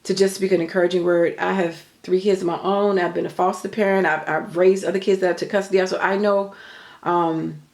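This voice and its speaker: A woman's voice: fairly low pitch, flat delivery, brisk, gravelly, darkish tone, reverberant. An older woman telling a story in an earnest, chatty way, full of faith talk. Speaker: vlogger. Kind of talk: casual storytelling.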